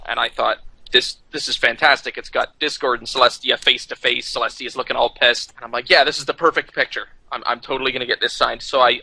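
Bright-voiced man telling a story. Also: medium pitch, creaky, no room sound, poor audio. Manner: animated, quoting others in funny put-on voices. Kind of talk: casual anecdote.

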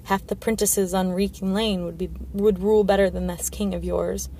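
A woman reading a storybook part of a bitter, sharp-tongued dwarf lord, with a sardonic, sour manner. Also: medium pitch, fairly even intonation, moderate pace, a little hiss or hum, lightly acted.

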